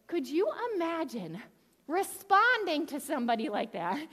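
A woman's voice: high-pitched, very animated, normal speed, fairly bright tone. A woman in her thirties giving a sermon in a church, telling stories in a candid, chatty, self-deprecating way. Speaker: pastor. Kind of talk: conversational sermon. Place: church sanctuary. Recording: reverberant church hall.

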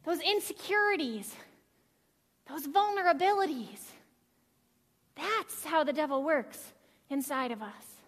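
A woman pastor preaching a sermon with energetic, earnest delivery and quick restarts. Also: high-pitched. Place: church sanctuary. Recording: long reverb of a church hall.

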